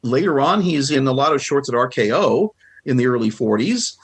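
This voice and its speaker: A man's voice: medium pitch, moderate pace, slightly rough. A man in his sixties from the United States, a guest film historian telling anecdotes in casual chat and acting out quotes. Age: 60s. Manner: animated storyteller who acts out quotes.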